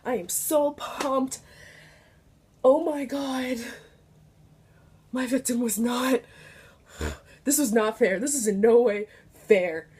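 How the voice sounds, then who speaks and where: A young woman vlogger telling a story casually, animated and swearing freely, her voice climbing high when she gets excited. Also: slow pace, long pauses, breathy edge.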